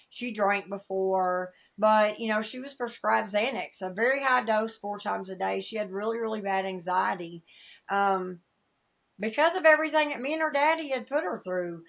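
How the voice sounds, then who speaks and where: A woman's voice: mid-range voice, a bit bright, lo-fi sound. Southern woman telling a candid story. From American South. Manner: candid, emotional storytelling, acts out quoted voices. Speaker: podcast guest. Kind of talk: personal testimony in conversation.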